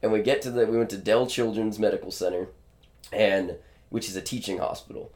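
A young man with a lowish voice, chatting casually on a podcast. He tells his stories with dry, easygoing humor. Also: a little fast, darkish tone. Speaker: podcast co-host. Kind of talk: casual chat.

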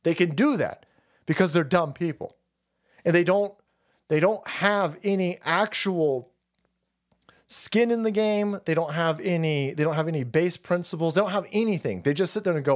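Profane ranting man with a higher voice. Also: moderate pace. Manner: profane, rambling, addresses viewers as boys. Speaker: streamer host. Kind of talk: casual ranting stream.

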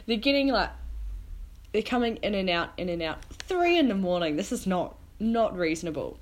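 A woman's voice: mid-range voice, very animated, moderate pace, a little hiss or hum. A young woman co-hosting a podcast, telling a travel story in casual chat, acting out her own lines with lots of "like". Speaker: podcast co-host.

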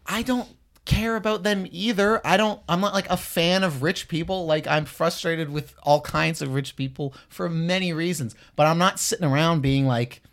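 Blunt, profane Canadian podcast host. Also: male voice, on the high side, moderate pace, a bit bright. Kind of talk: casual podcast rant.

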